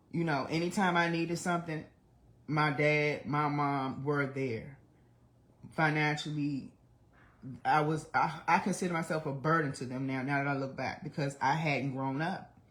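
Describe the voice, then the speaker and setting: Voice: medium pitch, fairly bright tone. A person in their forties hosting a livestream, talking in a candid, blunt and often profane confessional monologue. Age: 40s. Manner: emotional, speaks of trying not to cry. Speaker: livestream host.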